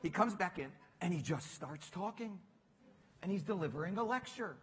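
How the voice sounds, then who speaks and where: Middle-aged guy spinning a funny story on stage, bright voice, pitch jumping all over, laughing a lot. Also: moderate pace, breathy edge, in a large hall. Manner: lively, self-mocking, laughing through lines. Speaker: panel guest. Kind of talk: animated onstage storytelling. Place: stage at a public talk.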